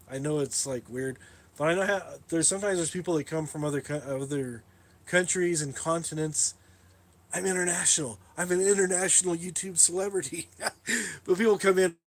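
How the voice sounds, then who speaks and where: A man talks loosely to his live stream viewers from his workshop, wandering from topic to topic. His voice sits a bit higher than most men's. He laughs at himself often. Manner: rambling, self-mocking, laughs often. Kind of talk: casual live stream tour. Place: workshop in a shipping container.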